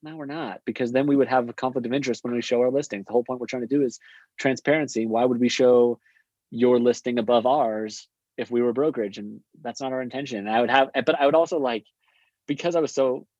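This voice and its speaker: A young man, a guest, telling stories casually, quick and chatty with many fillers. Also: medium pitch, fairly even intonation, a little mellow, no echo. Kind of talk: casual storytelling. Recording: dull lo-fi sound.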